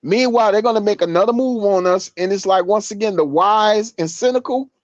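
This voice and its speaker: Man, podcast co-host, earnest, rambling, high voice, dull dry sound. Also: brisk, no room sound. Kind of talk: casual podcast chat.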